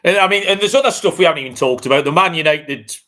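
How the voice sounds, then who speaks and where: A man's voice: fairly high pitch, fast, bright, forceful tone. A man co-hosting a podcast, ranting bluntly and swearing freely in casual chat. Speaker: podcast co-host.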